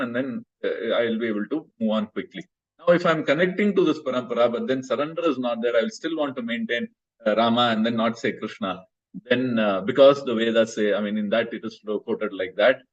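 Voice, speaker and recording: A man, teaching a scripture class over a video call and explaining in a patient, hesitant way with many fillers. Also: fairly low pitch. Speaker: spiritual class speaker. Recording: muffled video call audio.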